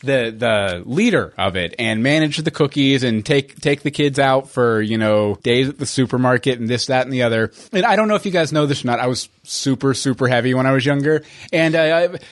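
A man's voice: medium pitch, brisk, no room sound, clean studio sound. A young man co-hosting a podcast, telling a rambling, self-deprecating story full of fillers. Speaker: podcast co-host. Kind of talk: casual chat.

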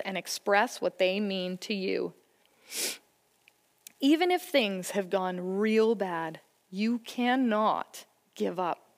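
Woman preaching to parents, earnest and encouraging, mid pitch, big echoey hall. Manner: earnest, encouraging, story-telling. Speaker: church speaker on family faith. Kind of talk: sermon talk. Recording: long hall reverb.

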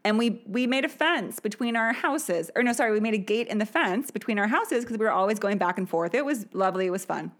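A woman's voice: mid-range voice, lively intonation, fast, hardly any pauses. Woman in her thirties, podcast host, candid personal storytelling, chatty, laughs often, casual fillers.

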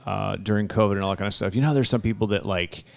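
A man's voice: fairly low pitch, steady tone, very fast, creaky. A man co-hosting a casual chat, telling stories in an easygoing way, often trailing off and restarting. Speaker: podcast co-host.

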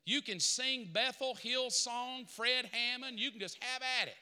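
A man preaching a sermon as pastor in a church, building from quiet asides to loud preaching. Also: very high voice, unhurried, clear, resonant tone, in a large hall. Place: church sanctuary.

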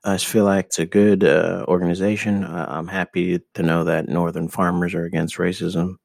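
A man co-hosting an improvised comedy interview, blunt and provocative with a deadpan delivery. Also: low-pitched, moderate pace, creaky, dry recording, studio quality.

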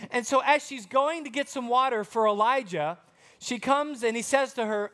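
A man's voice: extremely high pitch, lively intonation, normal speed, a bit bright. A man teaching a Bible story to children, chatty and playful, talking to the kids directly.

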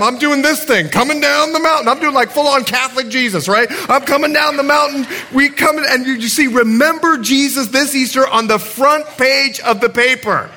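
A man preaching a sermon in a high, bright voice. He tells stories with animated swings, shouting one moment and dropping low the next. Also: slight background noise. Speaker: pastor.

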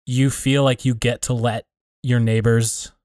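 A man in a relaxed conversation, thinking aloud about community and faith, often restarting and rephrasing as he works out his point. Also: medium pitch, unhurried, no echo, studio quality. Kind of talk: reflective casual conversation.

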